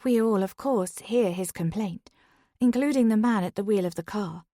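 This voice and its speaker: A woman's voice: medium pitch, moderate pace, warm tone, no room sound. Woman narrating a thriller audiobook, dry sound. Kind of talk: first-person thriller narration.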